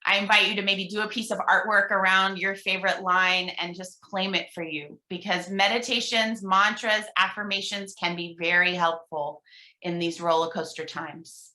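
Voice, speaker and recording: A woman minister leading a guided meditation over a video call, speaking gently and reading each affirmation slowly and deliberately. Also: mid-range voice, fairly even intonation. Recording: roomy echo.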